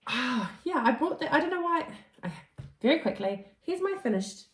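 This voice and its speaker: A woman's voice: high-pitched, big pitch swings, normal speed, reverberant, background noise. A woman co-hosting a crafting podcast in casual chat, giggly and a little hesitant. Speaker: podcast co-host.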